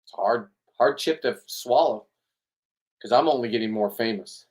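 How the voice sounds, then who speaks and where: A man's voice: mid-range voice, moderate pace, a little mellow. Middle-aged male boat captain, vlog monologue; heated and profane, repeats and restarts. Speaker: spearfishing boat captain and vlogger. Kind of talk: rambling emotional monologue.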